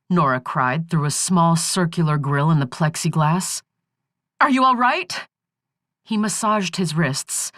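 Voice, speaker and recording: A woman reading a thriller audiobook aloud in a steady, even storytelling manner. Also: deep voice, no echo, clean studio sound. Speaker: audiobook narrator. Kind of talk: scripted narration.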